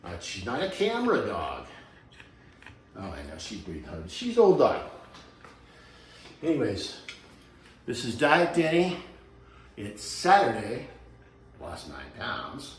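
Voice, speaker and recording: A man's voice: lowish voice, wildly swooping pitch, a little slow, pauses often, reverberant, distant mic, slight background noise. Folksy older man rambling in his kitchen. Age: 60s. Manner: folksy, rambling, self-joking. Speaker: vlogger. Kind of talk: casual kitchen vlog. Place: home kitchen.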